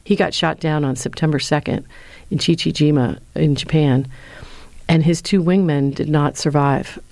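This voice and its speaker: Low-voiced woman, earnest storyteller. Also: moderate pace, vocal fry, dry recording. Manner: earnest, lively storyteller who acts out quotes. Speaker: former speechwriter and university lecturer. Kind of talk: interview answers, storytelling.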